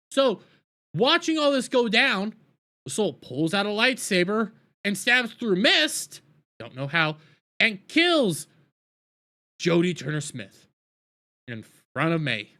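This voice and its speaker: A man recapping a TV episode in an animated, exasperated rant, often stumbling and restarting his sentences. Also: high voice. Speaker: TV show reviewer.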